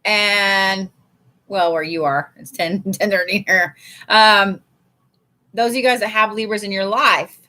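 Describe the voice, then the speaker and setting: A woman's voice: mid-range voice, fairly even intonation, a little slow, bright, forceful tone. A woman giving a casual live card reading, blunt and chatty, swearing freely and calling her viewers y'all. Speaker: tarot and oracle card reader.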